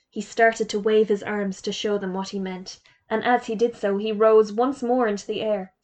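A woman's voice: mid-range voice, moderate pace, hardly any pauses. Woman reading a children's story aloud. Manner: lively, acts out dialogue in raised voices. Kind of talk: storybook reading with character voices.

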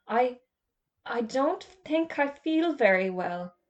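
A woman reading aloud, voicing a brisk, fussy male schoolmaster who snaps and gets easily rattled. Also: a little high, animated, highs cut off, pitched above the performer's own voice. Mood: flustered. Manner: snappish, then faint and flustered.

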